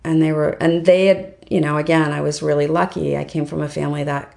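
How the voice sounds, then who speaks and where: A middle-aged woman with a low, heavily gravelly voice, talking as a podcast guest. She tells her story casually, filling her talk with "like" and "um". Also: little pitch movement, fairly quick, darkish tone. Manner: chatty, story-driven, lots of "like" and "um". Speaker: podcast guest, fundraising professional.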